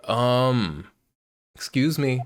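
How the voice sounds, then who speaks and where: A loud man commenting casually on a video game, swearing and joking. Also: medium pitch, animated, extremely slow, faint music behind. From United States. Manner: loud, profane, joking asides. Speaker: let's play host.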